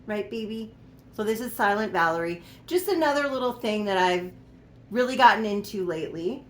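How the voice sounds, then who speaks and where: A young woman chats casually to the camera about her doll collection from a room at home, giggling, doting, and often speaking sweetly to the dolls. Her mid-range voice is expressive and moves at a moderate pace. The room sounds echoey, with faint background noise.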